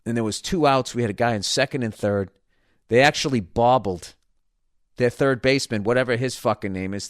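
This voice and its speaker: A man's voice: fairly low pitch, dry recording, clean studio sound. A middle-aged man, ranting casually and profanely, often stumbling and restarting his sentences. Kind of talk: casual rant about baseball.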